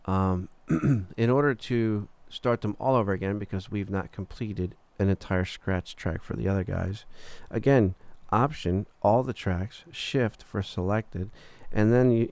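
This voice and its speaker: A man with a low, gravelly voice talks through a software tutorial in a casual, relaxed way, pausing on fillers as he clicks along. His tone stays smooth and resonant despite the grit. The sound is close and dry, with no room around it. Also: no echo. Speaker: recording engineer teaching software. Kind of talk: screen-recorded software tutorial.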